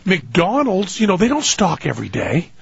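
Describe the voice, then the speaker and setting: Animated, raspy-voiced man hosting talk radio. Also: high-pitched, moderate pace, dry recording, muffled recording. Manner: animated, sarcastic, rambling. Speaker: radio show host. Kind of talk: comedic talk radio monologue.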